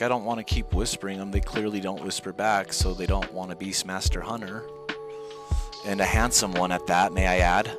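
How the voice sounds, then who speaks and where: A young man chatting casually as a gaming streamer, rambling and jokey with laid-back gamer slang. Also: lowish voice. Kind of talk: casual joking chat. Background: background music.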